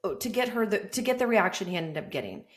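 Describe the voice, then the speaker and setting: A woman's voice: medium pitch, fast. Laughing woman attorney telling a story. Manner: animated, laughing through her story. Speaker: attorney guest. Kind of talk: casual storytelling chat.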